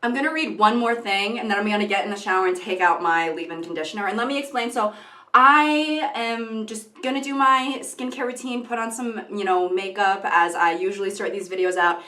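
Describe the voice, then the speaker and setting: A woman's voice: fairly high pitch, sharp tone. A young woman vlogging in casual, rambling commentary, often breaking off into tangents and giggling. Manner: rambling, self-interrupting, giggly. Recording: echoey room.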